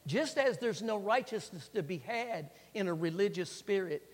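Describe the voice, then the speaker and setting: A man preaching a sermon and reading scripture, swinging between loud emphasis and hushed, quiet phrases and repeating lines for emphasis. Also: high-pitched, expressive, normal speed. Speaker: pastor. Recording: long reverb of a large hall.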